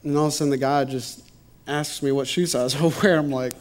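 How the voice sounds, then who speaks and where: A man's voice: medium pitch, steady tone, fairly quick. Chatty man telling a faith story. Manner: chatty storytelling with frequent laughs and "you know"; preacherly repetition on faith points. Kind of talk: casual spoken testimony.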